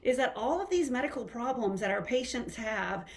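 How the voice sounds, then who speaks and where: A woman's voice: a little high, animated, moderate pace. A middle-aged woman with a Southern American accent, a physician talking casually on a live stream, a little out of breath and rambling with many fillers. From Southern United States. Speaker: internal medicine physician hosting a live stream.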